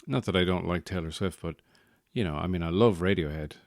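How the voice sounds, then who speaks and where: This new father, a young adult or middle-aged podcast host, has a low voice and talks a little fast in a dry recording. His casual monologue is full of dry, self-deprecating jokes.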